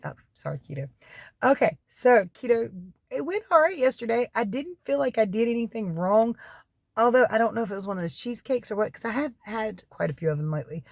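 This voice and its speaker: Gravelly Southern woman rambling on camera. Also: fairly low pitch, no room sound. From North Carolina, US. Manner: rambling, wanders off on tangents; folksy, laughs between remarks. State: coughing from allergies. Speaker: keto diet vlogger. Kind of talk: casual chat to camera.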